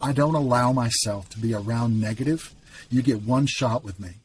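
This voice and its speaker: A man's voice: medium pitch, moderate pace, a little hiss or hum, rough recording. A man appearing as a guest on a casual faith podcast, talking in an emphatic, candid way.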